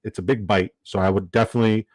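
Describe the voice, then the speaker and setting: A man chats loosely while running a fantasy football draft, full of fillers and restarts as he reacts to his chat. His voice sits on the low side. The sound is dry, with no room around it. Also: fairly even intonation, quick pace, darkish tone, no echo, poor audio. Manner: rambling, filler-heavy, reads chat aloud. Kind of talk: casual live-stream chat.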